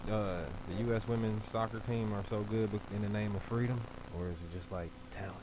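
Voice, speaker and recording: A man's voice: lowish voice, steady tone, brisk, background noise. A man co-hosting a casual podcast, laid back and crude. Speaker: podcast co-host. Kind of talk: casual chat.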